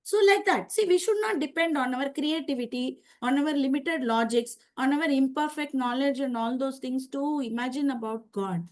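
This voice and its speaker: A woman's voice: high voice, normal speed, hardly any pauses, darkish tone. A woman with an Indian English accent giving a scripture class, explaining through parables and strings of rhetorical questions. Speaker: spiritual teacher.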